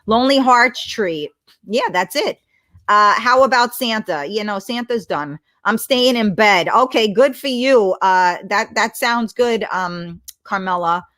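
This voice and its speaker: A woman's voice: medium pitch, measured pace, a bit bright. Blunt, foul-mouthed woman livestreaming. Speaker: livestream host. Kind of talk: casual live-stream chat reading comments. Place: at home. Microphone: laptop mic.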